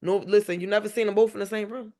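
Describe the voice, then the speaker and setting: A woman's voice: medium pitch, steady tone, fast, warm tone. A mother guesting on a podcast interview, telling stories about her son, laughing often and acting out remembered dialogue. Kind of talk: emotional podcast interview storytelling.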